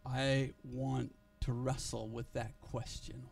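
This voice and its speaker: A male pastor tells a story in a church sermon, earnest and often restarting his phrases. His voice sits slightly high with a gravelly, mellow edge. The mic picks him up from some distance in the sanctuary. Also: lively intonation, a little slow, a little hiss or hum.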